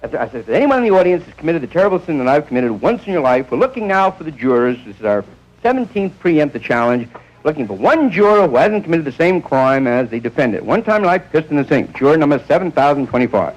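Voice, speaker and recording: A man's voice: very animated, fast talker, low-quality recording. A man in his thirties doing a rambling live stand-up routine on a nightclub stage, acting out characters, heard on an old 1960s film recording. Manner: rambling, acts out characters with high squeaky voices. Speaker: stand-up comedian.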